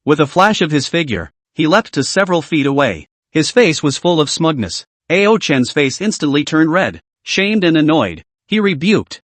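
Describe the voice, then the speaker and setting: A man's voice: on the high side, sing-song, moderate pace, no echo. A man narrating a fantasy comic recap, reading with small restarts.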